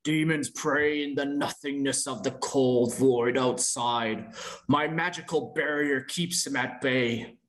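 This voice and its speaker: A man voicing an ancient, wrathful male lizard mage-priest, speaking in slow, indignant proclamations at a raised pitch. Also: lightly acted. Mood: accusing.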